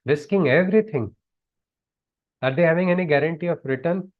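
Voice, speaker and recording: A man's voice: on the high side, brisk. Man teaching scripture over a dull call. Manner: earnest, chants verses then explains them. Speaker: spiritual teacher. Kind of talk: scripture discourse. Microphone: video call.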